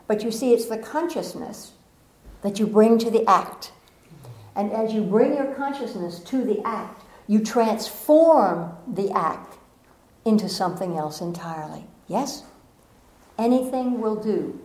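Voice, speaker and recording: A middle-aged woman giving a gentle, earnest spiritual talk with playful asides. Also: medium pitch, reverberant, low-quality recording. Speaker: spiritual speaker.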